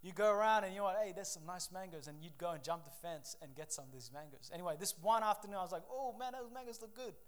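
A male preacher from Papua New Guinea delivering a sermon, reading scripture and telling lively stories with sudden swings in loudness. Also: sits high, quick pace, few pauses. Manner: animated storytelling with shifting loudness, acts out voices.

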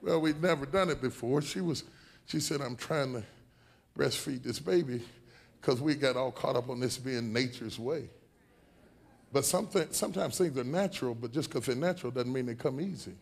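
A man preaching a sermon to a congregation. He builds into shouted, half-sung preaching and breaks into long counting runs. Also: medium pitch, moderate pace, creaky. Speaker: pastor.

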